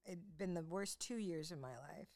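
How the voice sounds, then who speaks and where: Middle-aged woman co-host, low-pitched, rambling chatty storyteller who pokes fun at herself. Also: normal speed, darkish tone. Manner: chatty storyteller, self-mocking, laughs often. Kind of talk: casual chat.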